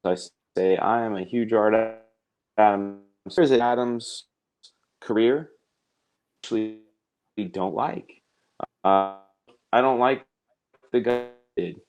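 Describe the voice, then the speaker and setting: A man's voice: on the low side, slow, long pauses, a little mellow. A man hosting a live art stream, chatting casually in a rambling, jokey way and reading out viewer comments. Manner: rambling, self-interrupting, jokey.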